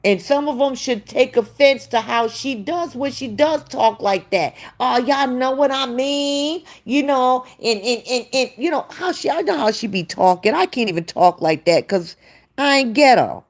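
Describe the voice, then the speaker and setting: A woman's voice: fairly high pitch, expressive. A woman hosting a live stream, gossiping and answering chat comments in a casual, opinionated way. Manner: slow, gossipy, talks back to chat readers. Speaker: livestream host.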